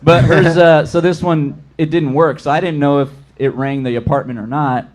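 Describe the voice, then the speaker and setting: A young man from Los Angeles, a guest comedian telling a rambling story in a hesitant, halting way. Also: fairly high pitch, fairly even intonation.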